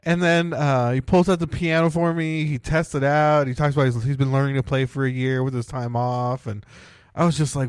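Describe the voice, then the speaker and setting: A man's voice: mid-range voice, steady tone, fairly quick, smooth, no echo, studio quality. A man, co-hosting a podcast and telling a long casual story packed with fillers. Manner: rambling, many "like" and "right?" fillers. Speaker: podcast co-host.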